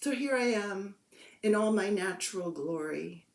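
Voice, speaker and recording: A woman in her fifties talks casually to camera at home, chatty and self-mocking. She speaks slowly with a middling voice. The room adds a noticeable echo. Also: medium pitch, expressive. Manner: chatty, self-mocking, playful baby talk to her cat. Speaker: craft vlogger. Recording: echoey room.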